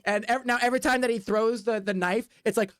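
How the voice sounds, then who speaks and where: A man streaming as game master for a tabletop game, narrating in a rambling, filler-heavy way and dropping into quick voiced asides. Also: extremely high pitch, fairly even intonation, fairly bright tone, clean tone, dry recording, clean studio sound.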